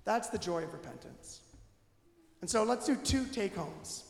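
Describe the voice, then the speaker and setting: A man preaching a candid, conversational sermon in a church, animated and self-deprecating. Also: sits high, moderate pace, creaky. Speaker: pastor. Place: church sanctuary. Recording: echoey hall with long reverb.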